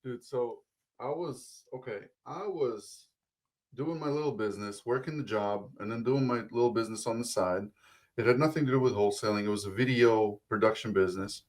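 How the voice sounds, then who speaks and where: Man, Eastern European accent, thirties, rambling guest, mid-pitched. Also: brisk. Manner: rambling, self-deprecating, restarts a lot. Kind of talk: casual interview chat.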